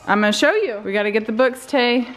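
A young adult woman chatting through her family vlog, upbeat and quick to laugh, filming on a handheld camera. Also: on the high side, animated, loud music behind the voice. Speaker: family vlogger. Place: car, then library.

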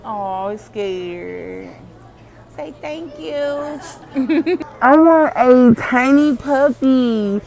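A woman's voice: high-pitched, animated, extremely slow, creaky, a little mellow, soft background music. A woman filming a casual vlog in a pet store, cooing at puppies. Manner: cooing, baby-talk at puppies. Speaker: vlogger.

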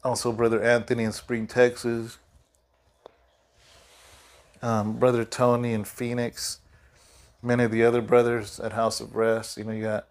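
Tired, rambling middle-aged pastor. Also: male voice, mid-range voice, monotone, moderate pace, long pauses. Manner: rambling, conversational, many fillers and restarts. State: sleepy, yawning. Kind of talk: casual spoken devotional.

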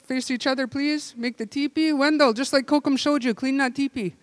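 High-voiced man leading a lively group game. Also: brisk, no echo. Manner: energetic, playful, giving loud calls and instructions. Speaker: language camp game leader. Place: indoor room with tables.

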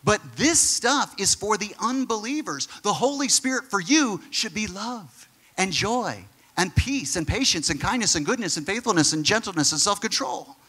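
A man's voice: high voice, lively intonation, normal speed, sharp tone, breathy edge. A male pastor giving an earnest, conversational sermon and speaking straight to his congregation. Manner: earnest, repeats words, talks straight to the congregation.

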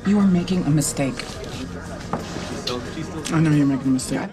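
An actress playing a guarded, restrained attorney in a TV drama, speaking with tight control while emotion shows underneath. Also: female voice, low voice, a little fast, over music, close to an everyday voice. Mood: firm. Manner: controlled, precise delivery with emotion showing underneath. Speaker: lead character in a TV drama.

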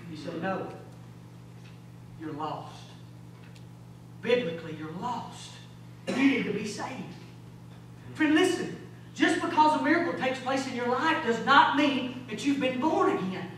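Emphatic preacher in an echoing sanctuary. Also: male voice, expressive, a little slow, pauses often. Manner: emphatic, swings between loud exhortation and low intensity; rhetorical questions, folksy asides. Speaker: pastor. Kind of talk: sermon. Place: large church sanctuary. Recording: very echoey hall, distant mic, faint hum.

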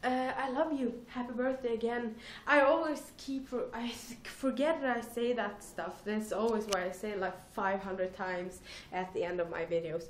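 A woman's voice: on the high side, steady tone, normal speed, few pauses. Hyper giggly young woman with a cold. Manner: hyper, giggly, self-mocking. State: has a cold. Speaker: vlogger. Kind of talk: casual rambling vlog. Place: cold apartment, indoors.

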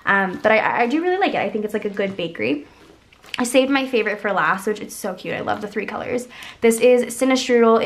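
A young woman with a congested, stuffy voice, chatting casually and rambling through a shopping haul with lots of filler words. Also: mid-range voice. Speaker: haul vlogger.

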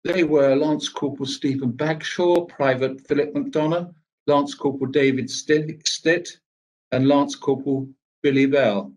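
An older man giving a speech, telling a personal recollection in a measured, grave way with pauses. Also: a little high, fairly even intonation. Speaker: speaker at a veterans' event.

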